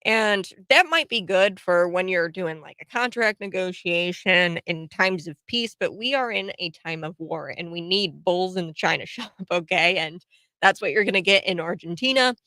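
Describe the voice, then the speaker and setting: A woman's voice: on the low side, moderate pace, dry recording. A woman hosting a casual political commentary show, talking to camera with lots of fillers, restarts and laughs. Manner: animated, laughs often, frequent fillers and restarts. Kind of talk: casual opinion monologue to camera.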